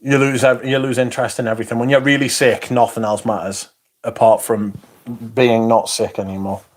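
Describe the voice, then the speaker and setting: A man's voice: mid-range voice, little pitch movement, brisk. Chatty man on a livestream. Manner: swearing, chatty, reads viewer comments aloud. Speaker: livestream host reading chat. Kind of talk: casual livestream chat.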